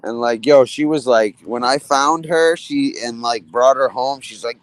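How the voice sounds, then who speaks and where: A man's voice: medium pitch, unhurried. A man in casual conversation, telling a rambling story full of swearing and laughter. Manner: profane, laughing, animated storyteller.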